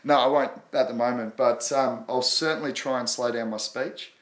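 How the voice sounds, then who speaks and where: A man with an Australian accent hosting a casual crypto livestream, talking quickly and rambling. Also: medium pitch, steady tone, echoey room. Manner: quick, rambling, apologetic about his pace. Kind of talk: casual live chat.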